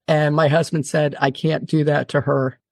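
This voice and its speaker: A woman guest on an interview podcast, telling a long story in an animated, fast-talking way, often restarting her sentences. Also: low-pitched, gravelly, no echo, clean studio sound. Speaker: television producer, guest.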